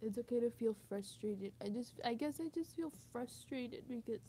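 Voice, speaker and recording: A woman's voice: a little high, animated, normal speed, dark tone, slight background noise. A young woman venting in a candid monologue, emotional and frustrated, swearing often and saying "like" a lot. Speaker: vlogger.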